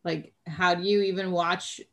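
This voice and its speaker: A woman's voice: on the low side, steady tone, unhurried. A middle-aged woman co-hosting a podcast, teasing and laughing often in casual chat. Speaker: podcast co-host.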